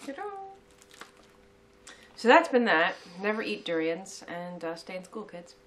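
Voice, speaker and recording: A woman chatting casually as co-host of a sweets-tasting video, talkative and quick to laugh. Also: on the low side, animated, fairly bright tone. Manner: chatty and giggly, reads labels aloud. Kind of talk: casual chat.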